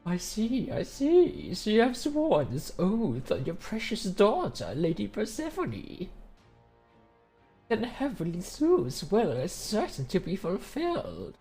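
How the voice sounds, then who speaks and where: A woman voicing a fawning, sweet-talking schemer in a slow, airy, sing-song voice while reading a game aloud. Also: mid-range voice, wildly swooping pitch, dark tone, soft background music, voice pushed up, heavily acted, rough recording. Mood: honeyed.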